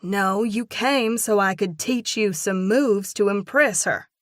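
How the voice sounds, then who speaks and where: A woman voicing the heroine of a romantic audiobook, a spirited young woman who answers in clipped, sharp retorts. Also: medium pitch, slow, no echo, clean studio sound, voice pushed up, close to an everyday voice. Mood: defensive.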